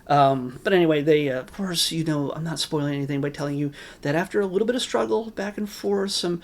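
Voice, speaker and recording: Man, casual film review, rambling, wry asides, gravelly voice. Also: fairly high pitch, fairly quick. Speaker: movie reviewer.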